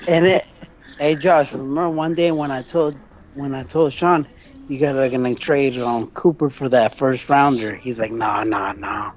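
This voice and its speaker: A man's voice: mid-range voice, fairly even intonation, normal speed, a little hiss or hum, low-quality recording. A man calling into a sports talk stream, speaking bluntly and swearing casually. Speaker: caller and moderator.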